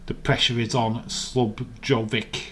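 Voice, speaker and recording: A man's voice: medium pitch, little pitch movement, takes it slowly, sharp tone, a little hiss or hum. A man with a Yorkshire accent, hosting a live watch-along stream and chatting casually, teasing viewers in the chat. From England.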